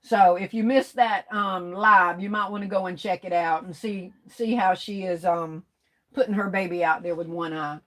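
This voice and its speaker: A woman's voice: fairly low pitch, steady tone, moderate pace, a bit bright. A woman hosting a craft livestream, reading viewer comments aloud in a teasing, folksy way and laughing often.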